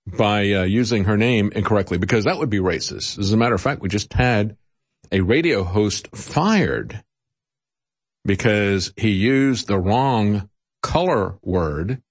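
Speaking at a measured pace in a lowish, sing-song voice, a man delivers opinionated political commentary in a radio style. His tone is sarcastic and mocking, dotted with chuckles and frequent "uh" fillers.

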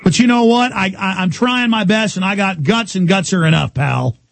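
A man hosting a talk radio show, ranting loudly and combatively with sarcasm. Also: high-pitched, normal speed, vocal fry, no room sound.

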